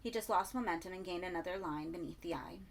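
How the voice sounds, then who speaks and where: Woman reading a dark story, quiet hiss. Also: fairly low pitch, fast. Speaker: audiobook reader. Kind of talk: scripted horror narration.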